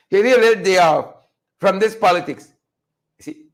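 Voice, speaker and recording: A man's voice: high voice, a little slow. A man hosting a live-stream show, chatting with viewers and calling them folks. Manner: animated, conversational, addresses viewers as folks. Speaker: host.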